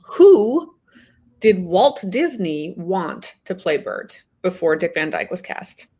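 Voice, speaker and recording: A woman with a slightly low voice asks movie trivia questions. She talks in a loose, chatty way with an "um" here and there. She sounds like a host leading a friendly quiz. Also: sing-song, takes it slowly, creaky, warm tone, husky. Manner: quizzing, conversational with fillers. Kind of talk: casual trivia chat.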